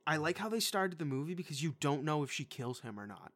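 Man, bright forceful voice, casual movie review co-host, blunt, swears, enthusiastic. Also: fairly high pitch, very animated, fast talker.

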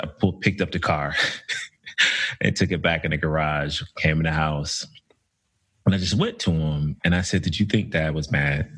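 A man in his thirties telling a personal story in casual chat, slow and reflective with many fillers. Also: rumbling low, a bit bright. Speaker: podcast co-host.

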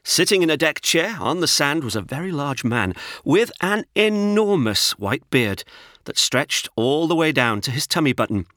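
A man narrates a children's storybook with an expressive, animated read. His voice rises and falls freely and sounds bright and forward, recorded close and dry. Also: on the high side, normal speed, dry recording. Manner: expressive, lively reading.

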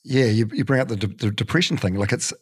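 A man's voice: medium pitch, lively intonation, fast, breathy edge. A middle-aged man, hosting a casual interview and talking frankly, with the odd swear word. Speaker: podcast host.

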